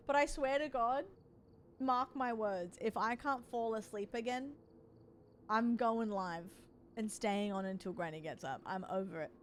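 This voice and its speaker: A woman's voice: fairly high pitch, slight background noise. A young woman, chatting casually and rambling with her stream viewers from home. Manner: rambling, chatty, laughs often.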